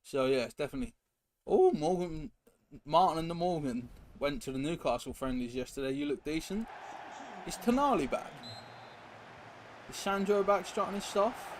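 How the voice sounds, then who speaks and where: A young man streaming a football game, chatting casually and rambling as he reacts to viewers and play. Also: fairly high pitch. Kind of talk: casual live-stream chat while gaming. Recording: noisy background hiss.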